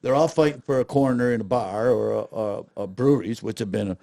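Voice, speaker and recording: Guy, gravelly low-key voice, chatty storyteller, dry close mic. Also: a little fast, no room sound. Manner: animated storyteller, acts out quotes. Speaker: guest, festival director. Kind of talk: casual interview chat.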